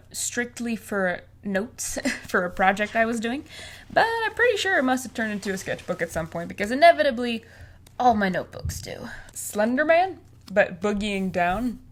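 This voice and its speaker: A young woman in her twenties talks through her own material in a loose, casual vlog voice. She is chatty and playful and keeps dropping quick asides. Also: mid-range voice, lively intonation, a bit bright, a little hiss or hum. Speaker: vlogger and artist. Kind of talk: casual chat.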